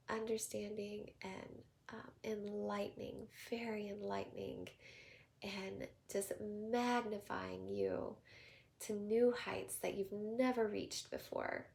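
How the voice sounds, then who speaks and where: A woman with a Southern accent giving a tarot card reading, talking softly and prayerfully, slipping into whispers. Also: medium pitch, vocal fry. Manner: slow, soft, prayerful delivery with drifting whispers. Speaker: tarot reader.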